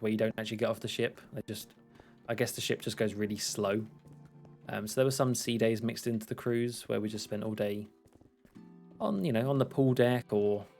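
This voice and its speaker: A young man with an English accent talks in a slightly low voice, rambling casually and poking fun at himself. He chats loosely as he plays, with faint music underneath. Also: a little mellow. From England. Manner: chatty, rambling, self-mocking, laughs often. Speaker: streamer. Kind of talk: casual chat while gaming.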